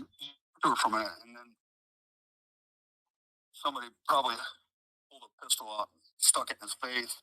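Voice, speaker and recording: In a rough, low-quality recording with no room sound, a Midwestern American man gives an interview as a trial witness. His mid-range voice is pushed and bright, fairly quick, broken by long pauses. He rambles with many fillers, swears freely and acts out quoted dialogue.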